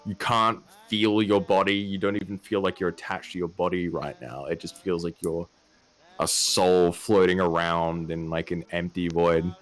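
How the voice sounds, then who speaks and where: A man narrating a tabletop role-playing game as game master, halting with many fillers and restarts. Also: low voice, level tone, a bit bright.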